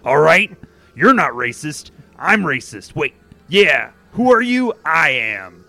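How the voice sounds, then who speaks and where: Two small, foul-mouthed goblins squabble and snarl threats from inside a stolen human suit, as a man puts them on. The voice leaps into a shrill, lively register. A faint bed of music sits underneath. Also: slow pace, no room sound, heavily acted. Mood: menacing.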